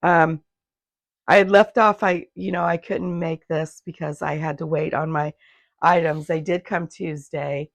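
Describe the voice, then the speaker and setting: Hoarse, rambling woman sewing vlogger. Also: lowish voice, no echo. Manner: rambling, loses her thread and restarts. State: hoarse, gravelly voice. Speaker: handmade business owner, vlogger. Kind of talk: casual chatty vlog. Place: home sewing room. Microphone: phone.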